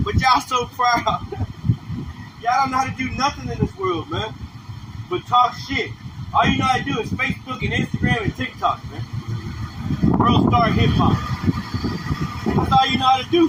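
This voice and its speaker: Street preacher, male, very high voice, emphatic and slangy; outdoor livestream with loud traffic behind. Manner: emphatic, repetitive, slangy, ends phrases with "man". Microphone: phone or camera livestream mic.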